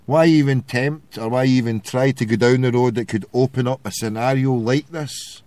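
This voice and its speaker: A man's voice: mid-range voice, steady tone, moderate pace, a little mellow, no room sound. A Glaswegian man hosting a call-in show, ranting with sarcasm and heavy swearing. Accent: Glasgow Scottish. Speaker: radio show host. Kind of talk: ranting opinion monologue.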